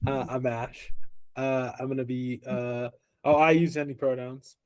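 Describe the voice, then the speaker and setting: A man's voice: mid-range voice, flat delivery, measured pace. A man player introducing himself hesitantly, with many fillers, on a tabletop game livestream. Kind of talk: casual self-introduction.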